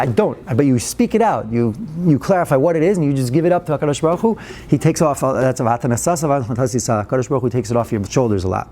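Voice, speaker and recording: A man's voice: medium pitch, lively intonation, racing, dark tone, slight background noise. A man, a rabbi, teaching a weekly Torah class, telling stories and acting out quoted lines, with Hebrew and Yiddish terms woven into his talk. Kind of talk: Torah class, storytelling lecture.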